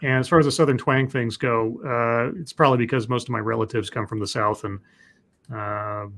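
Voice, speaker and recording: A man's voice: mid-range voice, fairly even intonation, a little fast, vocal fry, a bit bright. A man hosting a casual live podcast, reading out chat questions and rambling with frequent restarts.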